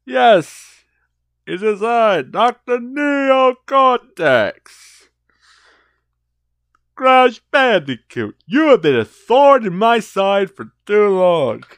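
A man's voice: high-pitched, very animated, very slow, a bit bright, no room sound, voice pushed up, exaggerated voice. A man voicing a scheming male mad scientist villain with a grandiose, theatrical delivery. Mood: gloating.

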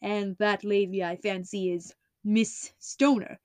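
A woman's voice: mid-range voice, steady tone, slow, darkish tone, no echo, lightly acted. A woman doing a cool-headed male detective. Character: keen, commanding male detective, calm and cool.

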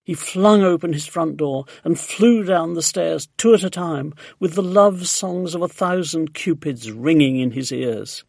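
A man narrating a children's storybook in a lively, expressive way. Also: on the high side, a little slow, creaky, hardly any pauses, dry recording. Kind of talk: storybook reading.

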